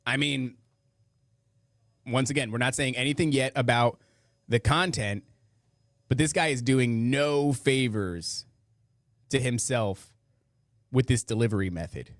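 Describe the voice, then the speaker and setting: Sarcastic podcast host, dry close sound. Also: male voice, medium pitch, measured pace, long pauses, dry recording. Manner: sarcastic, mocking, rambling asides. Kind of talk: casual commentary over clips.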